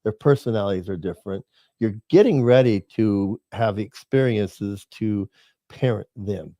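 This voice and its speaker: A man's voice: fairly low pitch, unhurried, mellow, no echo. An older man co-hosting a chat show, telling family stories in a folksy, rambling way. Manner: storytelling, folksy, repeats words. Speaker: podcast co-host. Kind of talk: casual chat.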